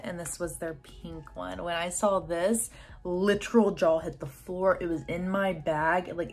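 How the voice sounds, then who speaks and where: A young woman, chatting eagerly about her makeup palettes in a casual vlog. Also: on the low side. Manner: gushing, chatty, lots of "like" and "oh my God". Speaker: beauty vlogger. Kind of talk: casual makeup collection chat.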